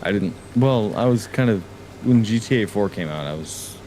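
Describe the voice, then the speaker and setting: A man's voice: on the low side, animated, moderate pace, darkish tone, a little hiss or hum. A man in his thirties chatting casually while gaming, with dry, easygoing banter.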